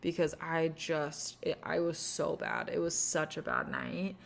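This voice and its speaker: A young woman co-hosting a podcast, talking candidly and quickly agreeing with her partner. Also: low voice, little pitch movement, vocal fry, slight background noise. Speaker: podcast co-host. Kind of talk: casual conversation.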